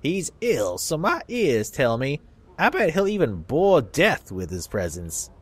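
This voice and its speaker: A man's voice: a little high, wildly swooping pitch, unhurried, husky, dry recording, exaggerated voice. A man voicing a crusty, gossipy old male bar regular in a put-on Southern drawl.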